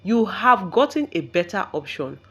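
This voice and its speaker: A woman's voice: medium pitch, very animated, normal speed, fairly bright tone, slightly rough, exaggerated voice. A woman voicing a scheming, spiteful older mother-in-law who speaks with cold disdain in a storybook reading. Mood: scornful.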